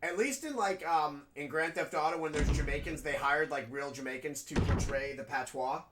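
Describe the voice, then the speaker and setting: High-voiced man ranting while gaming. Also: moderate pace, noisy background. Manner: rambling, frank, swears often. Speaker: gaming streamer. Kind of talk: casual commentary while playing.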